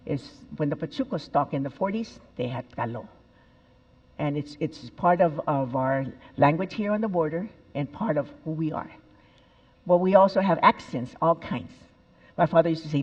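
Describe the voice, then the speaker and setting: An older woman tells stories on a big stage, animated and expressive, with sudden bursts of emphasis. Her voice rings through a large auditorium with a long reverb. The sound is a little dull and muffled. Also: low voice. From El Paso, Texas. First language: Spanish. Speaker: speaker at a TEDx event. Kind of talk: inspirational stage talk.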